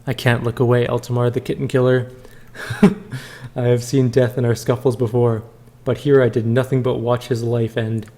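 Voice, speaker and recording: A man's voice: medium pitch, level tone, normal speed, warm tone. A man hosting a let's play, giving casual game commentary with wry asides and reading the dialogue aloud.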